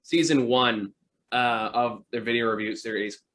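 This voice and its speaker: A man's voice: mid-range voice, fairly even intonation, unhurried, a bit bright. A man hosting a casual talk show, telling long rambling stories about movies with many fillers. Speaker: podcast host. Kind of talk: casual chat.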